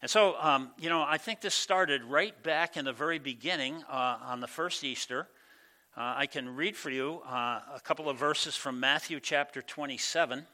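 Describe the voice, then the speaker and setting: A man's voice: on the high side, moderate pace, pushed and bright. A male pastor giving a conversational sermon, with many fillers and acted-out quoted voices. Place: church.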